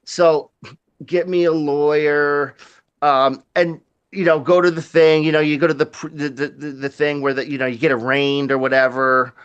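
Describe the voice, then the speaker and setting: A man with a slightly high voice tells a rowdy story, swearing freely and acting out the sound effects and other people's voices. He keeps it loose and conversational, with lots of restarts. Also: normal speed, clear, resonant tone, highs cut off. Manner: animated, swears a lot, acts out quotes and sound effects. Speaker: guest storyteller. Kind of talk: casual profane storytelling.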